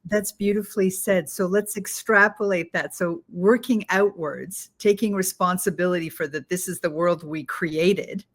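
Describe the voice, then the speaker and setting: A woman's voice: fairly low pitch, steady tone, moderate pace, hardly any pauses. Woman host asking probing questions. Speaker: podcast host. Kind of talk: interview conversation.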